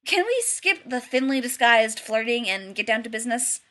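A man's voice: extremely high pitch, very animated, normal speed, bright, forceful tone, full character voice. A woman doing a grumpy, prickly man. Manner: grudging, snappish.

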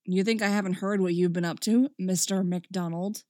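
A sulky male puppet growls his lines low and grumpy, put on by a woman reading a story aloud. His voice sits deeper than the narration around it, with a brooding, put-upon edge and a bone-dry close sound. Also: fairly even intonation, moderate pace, darkish tone, dry recording, lightly acted.

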